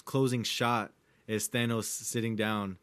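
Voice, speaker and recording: A man's voice: on the low side, little pitch movement, measured pace, a bit bright, clean tone. A man in casual, profane chat, laid-back and reminiscing about a movie.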